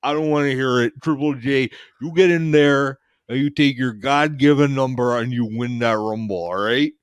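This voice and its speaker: A man's voice: mid-range voice, moderate pace, clean tone, no echo, lightly acted. A man voicing a boastful aging wrestling legend who talks in a drawling, preachy way.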